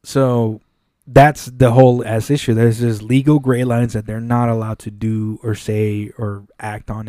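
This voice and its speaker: Man, podcast co-host, casual storytelling, acts out voices, swears a lot, mellow tone, dry studio sound. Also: lowish voice, no echo. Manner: animated, acts out quoted dialogue, frequent swearing. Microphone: studio mic.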